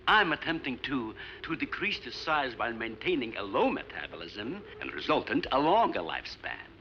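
A man's voice: medium pitch, big pitch swings, moderate pace, slight background noise, lightly acted. An actor playing an older research scientist and father, speaking in an earnest, lecturing way in a 1950s film. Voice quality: lecturing, emphatic delivery. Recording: muffled old film soundtrack with music.

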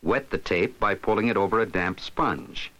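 A man giving scripted narration for an instructional film, explaining steps in a steady, instructive way. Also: on the low side, normal speed, poor audio.

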